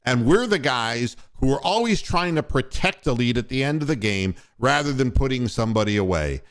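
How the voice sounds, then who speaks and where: A man's voice: medium pitch, animated, moderate pace. A man hosting a postgame sports radio show, ranting angrily with lots of profanity. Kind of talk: postgame sports talk rant.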